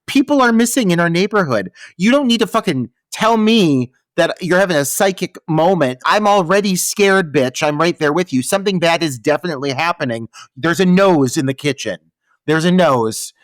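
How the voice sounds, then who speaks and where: A man co-hosting a podcast, riffing sarcastically and swearing freely as he reviews a movie. His voice sits a little high and swings widely in pitch. The recording is close and dry, with no room sound. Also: lively intonation, normal speed, no room sound. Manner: sarcastic, profane, exaggerated retellings. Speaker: podcast co-host. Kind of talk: casual movie-review chat.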